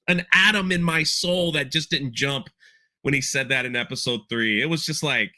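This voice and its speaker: A man hosts a casual podcast, breaking down a show episode as he rambles, repeats words, and quotes lines with feeling. His voice is medium-pitched, bright, and forceful, at normal speed.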